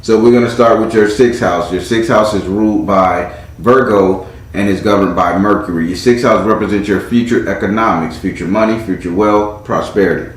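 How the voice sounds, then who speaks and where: A man's voice: lowish voice, moderate pace, hardly any pauses. A man hosting a casual live tarot reading, talking informally and calling on spirit as he reads the cards. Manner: chatty and informal, calls on spirit. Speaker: tarot reader and host. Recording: very echoey room with faint noise.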